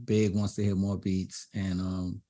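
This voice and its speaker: A middle-aged man from Brooklyn, telling animated stories as an interview guest and acting out the voices of others. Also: low voice, a little slow. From Brooklyn, New York. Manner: animated storyteller who acts out quoted voices. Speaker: DJ and producer guest. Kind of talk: storytelling in a panel interview.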